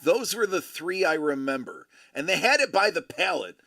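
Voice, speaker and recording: Man, American accent, very animated delivery, crisp bright tone, rambling joking chat. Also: on the high side, moderate pace. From United States. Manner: rambling, joking, with many fillers and restarts. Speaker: livestream host and father.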